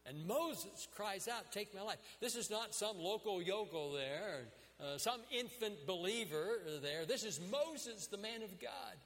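A man's voice: high voice, lively intonation, unhurried, few pauses, a bit bright. Male preacher, earnest and dramatic in his retelling, voice ringing with long reverb. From United States. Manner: earnest storytelling with dramatic quoted prayers. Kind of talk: sermon.

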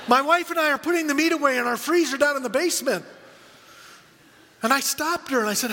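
A middle-aged man preaching a sermon as a pastor, telling stories with animated quoted voices. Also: very high-pitched, a little fast, pauses often, long reverb tail.

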